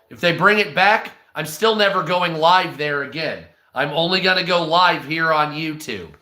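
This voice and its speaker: A man's voice: high voice, bright, forceful tone. A man on a livestream, delivering a crude, heavily profane rant and thanking viewers mid-sentence. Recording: echoey room.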